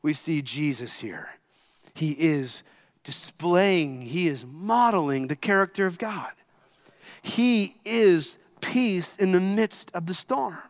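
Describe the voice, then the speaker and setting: Dynamic pastor preaching, loud to hushed. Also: male voice, fairly high pitch, animated, slow pace. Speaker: senior pastor. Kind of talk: sermon.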